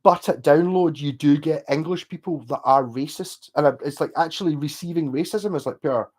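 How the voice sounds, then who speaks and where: A man with a Scottish Glasgow accent rambling in animated casual chat with his livestream viewers, swearing and laughing as he goes. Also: sits high, normal speed, slightly rough. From Scotland. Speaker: streamer chatting with viewers.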